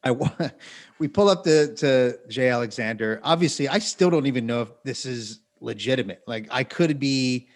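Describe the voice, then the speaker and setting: A man's voice: mid-range voice, expressive, moderate pace. A man co-hosting a podcast, telling a long story in a rambling, wry way full of self-corrections and asides. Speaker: podcast co-host. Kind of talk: casual storytelling.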